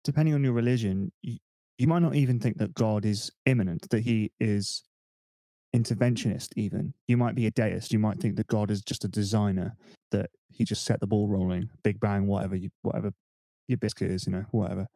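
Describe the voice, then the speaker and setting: A man's voice: lowish voice, fairly even intonation, brisk, warm tone, dry recording. A man co-hosting a casual podcast over a remote call, explaining ideas at length and thinking aloud with fillers. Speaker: podcast co-host. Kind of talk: casual discussion. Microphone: desk microphone.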